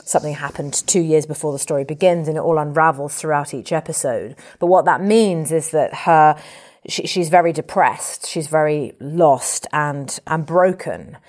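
A woman from England, speaking as an actor in an interview in a lively, colourful, animated way. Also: deep voice, normal speed. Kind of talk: reflective conversational interview.

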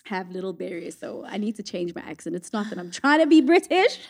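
A woman's voice: mid-range voice, sing-song, a little fast, creaky, slightly rough. A young woman, a singer-songwriter from South Africa, chatting in an interview, laughing often and searching for her words. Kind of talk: casual interview chat.

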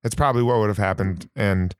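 A man's voice: fairly low pitch, fast, clean tone, no echo, clean studio sound. A man co-hosting a podcast who sets up segments hesitantly, with many fillers. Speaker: podcast co-host. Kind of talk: casual podcast chat.

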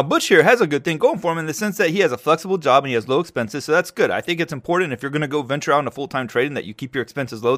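Male podcast host, casual solo talk, loose joking delivery with big excited pitch jumps. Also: dry recording, studio quality. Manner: animated storytelling, jumps high when excited.

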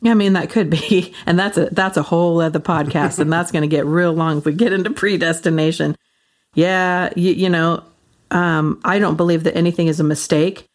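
A woman's voice: fairly low pitch, fairly even intonation, moderate pace. A woman in her forties hosting a casual faith podcast, rambling with lots of fillers and frequent laughs. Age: 40s. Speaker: podcast host.

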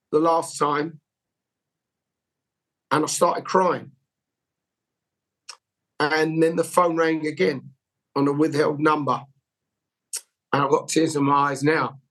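A man with a fairly high, husky voice tells long anecdotes as an interview guest. He rambles from one detail to the next with open, heartfelt candour. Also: fairly bright tone, low-quality recording. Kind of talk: conversational storytelling.

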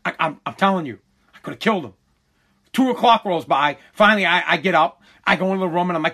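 A man's voice: sits high, fast talker. A man ranting in a casual, comic way, exasperated and griping, often stammering and repeating his words. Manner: shouts when quoting himself.

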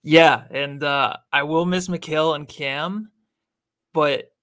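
Jittery young man, shaky with excitement. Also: a little high, slow, no echo, clean studio sound. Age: young adult. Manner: giddy, jittery, says "like" and "dude" a lot. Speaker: podcast co-host. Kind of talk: casual sports podcast chat.

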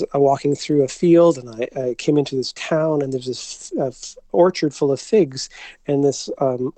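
Man, interview guest, mellow, higher-pitched, halting storytelling, laughs a lot. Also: no room sound. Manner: halting, many restarts, laughs often. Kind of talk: personal storytelling in conversation.

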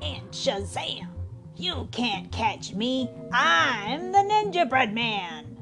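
A cocky gingerbread ninja, as a woman storyteller puts him on, sings his taunting refrain in a bright, lively storybook voice. His pitch leaps around playfully, over clear background music. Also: very slow, heavily acted. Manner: chanting a bouncy taunting refrain.

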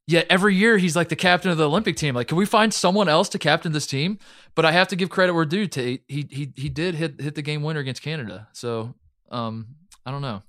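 A man co-hosting a casual sports podcast, chatty and quick to laugh, recapping plays eagerly. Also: fairly high pitch, fairly bright tone, no room sound, clean studio sound. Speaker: podcast co-host.

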